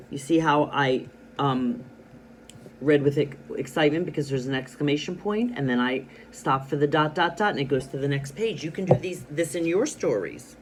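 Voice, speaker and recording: A male teacher reads a picture book aloud to young students. His mid-range voice puts stress on the big words and pauses at the dots, then settles into plain, patient explanation. A faint hiss sits under the recording. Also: medium pitch, expressive. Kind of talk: children's reading lesson, reading a storybook aloud.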